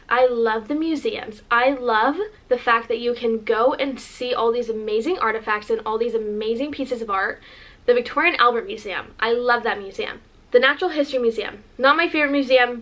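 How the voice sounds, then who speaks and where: A young woman from the United States talks straight to her camera with a slightly high voice. She gushes as she tells her story, throwing in plenty of "like" and restarting her sentences in an easy, chatty vlog way. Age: 20s. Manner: gushing, animated, lots of fillers. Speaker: vlogger.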